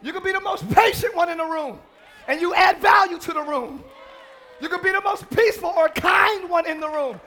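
A man preaching a sermon as a pastor in a church, often shouting out to the congregation. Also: very high-pitched, normal speed, soft background music, a faint crowd. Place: church sanctuary during a live service.

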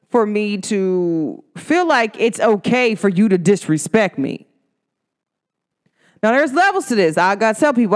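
Speaking to the camera in a relaxed way, a blunt, outspoken vlogger has a fairly high-pitched voice that is smooth and resonant. She delivers her points with emphatic energy and mimics others' voices when quoting them.

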